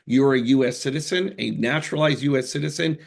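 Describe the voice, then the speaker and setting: A lawyer from the United States answering questions live, earnest and reassuring, halting often with fillers and restarts. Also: male voice, medium pitch, vocal fry. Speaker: immigration lawyer. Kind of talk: live Q&A explanation.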